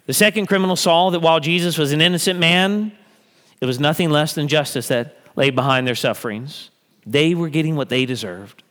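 A man's voice: on the high side, fairly quick, a bit bright. A man preaching a sermon in an earnest way, building to emphatic peaks. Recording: long hall reverb.

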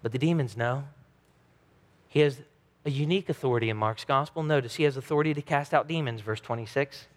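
In a large hall with long reverb, a man in his thirties preaches a sermon as pastor. His voice sits at medium pitch and moves fairly quickly, earnest and emphatic, with dramatic quoted voices woven in.

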